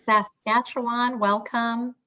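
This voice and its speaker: Woman on a muffled video call, kinda high voice, upbeat, reading off places people are from. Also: flat delivery, takes it slowly. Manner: upbeat, reads out attendee locations. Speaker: webinar co-host. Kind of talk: casual greetings before a webinar. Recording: dull lo-fi video call audio.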